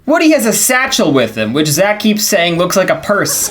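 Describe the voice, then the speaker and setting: A man's voice: high-pitched, very animated, normal speed, hardly any pauses, a loud crowd, heavy background noise. A man narrating a scripted video essay as its host, in a wry, sarcastic manner.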